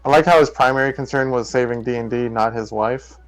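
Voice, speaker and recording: A tabletop game player at a middle pitch who makes wry, teasing remarks about the others at the table. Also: a little fast, poor audio. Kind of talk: casual tabletop game banter.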